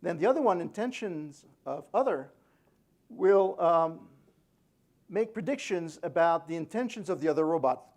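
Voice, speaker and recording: A man's voice: a little high, lively intonation, normal speed, a little mellow. A man giving a technical conference talk to an audience, hesitant and good-humored, with many fillers and restarts. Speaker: conference speaker. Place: conference room.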